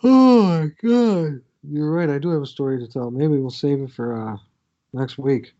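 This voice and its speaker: A man's voice: medium pitch, normal speed, warm tone, highs cut off. A man co-hosting a podcast, telling a crude, swear-filled story from his youth in a casual way. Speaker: podcast co-host.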